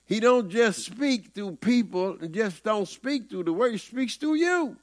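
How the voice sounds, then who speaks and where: A Southern preacher man with a fairly high voice that swoops up and drops low, talking to his congregation in a folksy, conversational way. He preaches in a plain sermon style, full of asides and questions. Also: expressive, unhurried.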